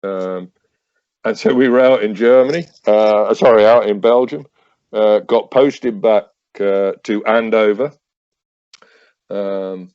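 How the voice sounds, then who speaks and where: Man, 50s, podcast guest and ex-soldier; low voice, halting, wry storyteller who acts out conversations; dry, dull-sounding mic. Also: darkish tone, clear, resonant tone, no echo. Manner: acts out remembered dialogue, wry, with hesitant fillers and restarts. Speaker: podcast guest, army veteran. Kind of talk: casual anecdotal storytelling.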